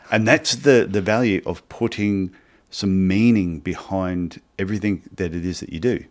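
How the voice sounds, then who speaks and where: An Australian man with a very low voice, chatting on a podcast. He tells stories in an easygoing, animated way and acts out the other people's lines as he goes. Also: moderate pace. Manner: animated anecdotes, acts out dialogue. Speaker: podcast co-host. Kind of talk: casual podcast chat, storytelling.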